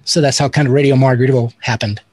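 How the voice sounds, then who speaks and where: A man's voice: mid-range voice, fairly even intonation, rapid-fire, darkish tone, breathy edge, no echo. A man talking as an interview guest, telling rambling, self-deprecating stories with many restarts. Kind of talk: casual interview storytelling.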